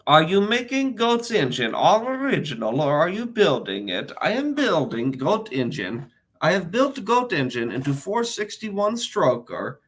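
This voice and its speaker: A man's voice: high voice, sing-song, slow pace, hardly any pauses, voice pushed up, heavily acted. A man doing an impression of a boastful foreign reporter who speaks broken English and keeps repeating "very nice". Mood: goofy.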